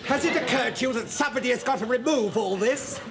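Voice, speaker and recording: An actor playing a prim, peevish vicar in a TV sitcom. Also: male voice, very high voice, fast, gravelly, a crowd in the background, background noise. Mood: tetchy. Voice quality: prim and tetchy. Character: peevish, prissy male vicar. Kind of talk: 1970s TV sitcom acting.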